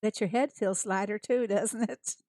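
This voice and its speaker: A woman's voice: medium pitch, fairly even intonation, moderate pace, mellow, no room sound. An American woman chatting casually with viewers as she streams a farming game, greeting them by name and laughing often. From United States. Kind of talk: casual livestream chat.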